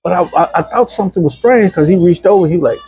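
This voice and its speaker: Middle-aged man with a husky, fairly high voice, an animated storyteller who acts out quotes; dull lo-fi recording. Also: quick pace, no echo. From Arkansas, USA. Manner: animated, acts out the voices of people in his stories. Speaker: interview guest. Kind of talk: personal storytelling in a casual interview. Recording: dull, muffled lo-fi sound.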